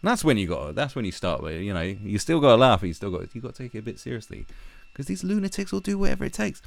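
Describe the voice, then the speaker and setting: A man's voice: lowish voice, sing-song, fairly quick, vocal fry. A man giving a profane, mocking, rambling commentary as the host of his own vlog. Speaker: online commentator.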